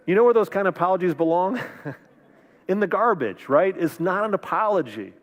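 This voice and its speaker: A male pastor preaching in a casual, conversational way, often breaking off to act out the voices he quotes. His voice sits fairly high for a man. The room gives it a long, ringing reverb, like a church sanctuary. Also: expressive, normal speed. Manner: conversational, acts out quoted voices, many restarts. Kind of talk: sermon.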